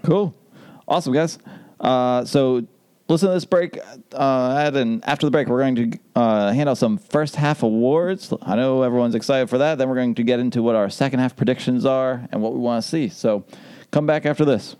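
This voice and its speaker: A man's voice: medium pitch, normal speed, darkish tone, clean tone. A man hosting a casual sports podcast, upbeat and joking as he leads the talk. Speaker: podcast host.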